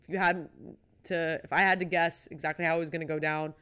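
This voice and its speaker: A woman's voice: sits low, flat delivery, quick pace, a bit bright, clear, resonant tone. A young woman co-hosting a casual chat podcast, retelling moments with dramatic exclamations. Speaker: podcast co-host.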